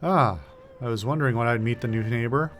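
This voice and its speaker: A man's voice: medium pitch, brisk, faint music behind, lightly acted. A man doing a cultured, pleasant tinkerer. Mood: courteous. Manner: pleasant, polished, smooth. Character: cultured menacing male tinkerer with a hint of Russian accent.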